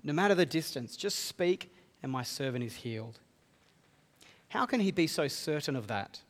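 Guy preaching a sermon, kinda higher voice, big echoey church hall. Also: animated, moderate pace. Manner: earnest expository preaching, reading scripture aloud. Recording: long reverb of a hall.

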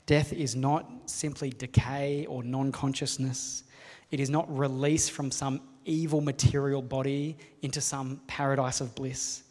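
A man delivers a sermon in an earnest, measured voice, putting rhetorical questions to his listeners and letting his lines settle. His voice sits in an everyday middle register. It rings out with the long reverb of a large hall. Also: mid-range voice, darkish tone. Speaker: preacher. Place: hall with a live audience.

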